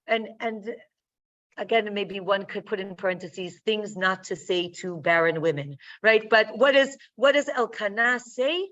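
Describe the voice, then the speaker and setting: A woman teaching a Bible text, explaining slowly and often checking in with "right?". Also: mid-range voice, fairly bright tone. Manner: slow, explaining, tags lines with "right?". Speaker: Torah teacher. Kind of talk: text-study lecture. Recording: distant, dull lo-fi recording.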